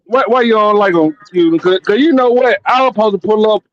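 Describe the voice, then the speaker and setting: A man's voice: high-pitched, fast talker, dry recording. A man hosting a podcast, chatting casually with lots of profanity, rambling and repeating his words. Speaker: podcast host. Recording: dull lo-fi sound.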